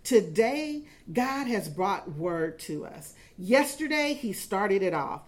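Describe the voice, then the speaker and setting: A woman's voice: medium pitch, big pitch swings, takes it slowly. A middle-aged woman preaching a sermon, telling stories and building emphasis as she speaks. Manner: storytelling with rising emphasis and acted quotes.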